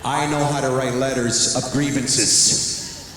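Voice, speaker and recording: Animated comedian booming through an arena. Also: male voice, slow, slight background noise. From Canada. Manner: animated, acts out both sides of conversations. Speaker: stand-up comedian. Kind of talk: stand-up storytelling. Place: arena stage. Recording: echoey arena with long reverb.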